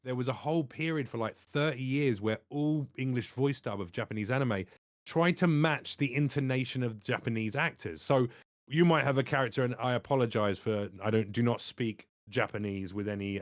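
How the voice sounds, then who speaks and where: A man working as a voice actor, chatting as a podcast guest and telling stories with animated energy and casual swearing. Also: mid-range voice, fairly quick, dry recording, studio quality. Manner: animated storyteller, swears freely. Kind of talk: casual chat.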